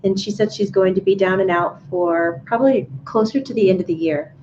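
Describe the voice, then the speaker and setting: A woman with a mellow, warm voice calmly relays messages on a casual livestream. The sound is dull and lo-fi, with a faint hiss underneath. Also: medium pitch, fairly quick. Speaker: psychic medium relaying messages.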